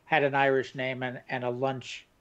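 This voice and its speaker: An older man co-hosting a casual chat, reminiscing and hesitant, with many pauses. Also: medium pitch, monotone, a bit bright. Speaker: co-host. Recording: dull lo-fi sound.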